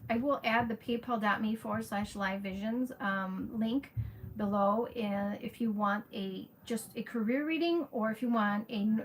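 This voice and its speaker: A woman's voice: a little high, low-quality recording. A woman astrologer chatting casually on a livestream, frank and talkative, answering viewers by name. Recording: steady background noise.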